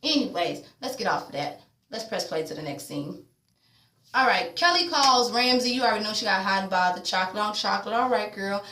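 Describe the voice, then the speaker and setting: A woman's voice: medium pitch, animated, brisk, bright, forceful tone. A young woman talks through a TV episode recap in a blunt, sassy, profane way. She slips into the characters' voices as she quotes them. Her mid-range voice bounces around an echoey home room. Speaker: TV recap vlogger. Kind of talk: casual recap commentary.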